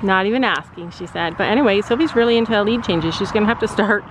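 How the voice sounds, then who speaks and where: At a horse barn, a middle-aged mother vlogs casually for her viewers, talking fast at a medium pitch and cooing soothingly to the horses between remarks. Background noise is audible.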